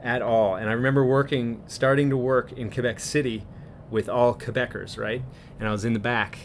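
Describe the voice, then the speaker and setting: A man's voice: medium pitch, steady tone, moderate pace, slight background noise. A man from Newfoundland hosting a live stream, chatting casually with viewers in a rambling way and chuckling often between thoughts. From Newfoundland, Canada.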